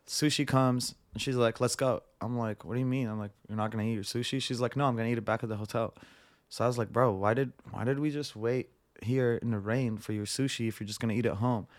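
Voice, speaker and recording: Appearing as a podcast guest, a young man with a mid-pitched voice tells a long, rambling story, acting out each exchange with "I'm like" and "she's like." His casual talk is packed with "like," delivered quickly with fairly even intonation.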